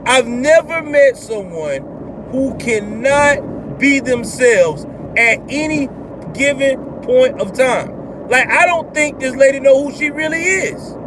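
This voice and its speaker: A man's voice: very high-pitched, lively intonation, slow. A man hosting a vlog, ranting bluntly and profanely in casual commentary from inside a car. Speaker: vlog host. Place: in a car on the road. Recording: car road noise behind.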